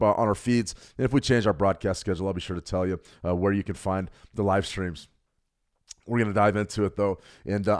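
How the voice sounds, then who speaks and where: Fast-talking man hosting a market stream. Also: lowish voice. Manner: energetic, chatty, greets viewers by name. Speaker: trading stream host. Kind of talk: live market commentary.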